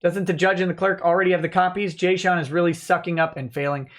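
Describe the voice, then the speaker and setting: A man with a fairly high voice hosts a laid-back livestream at his desk mic. He reads viewer comments aloud in a chatty, offhand way and tosses quick replies back. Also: steady tone. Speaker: livestream host reading chat. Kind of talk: relaxed live-stream chat.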